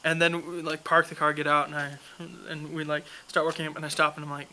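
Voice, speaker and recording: A man's voice: on the high side, little pitch movement, fast, heavy background noise. A young man telling a funny story in a casual chat, laughing often as he goes.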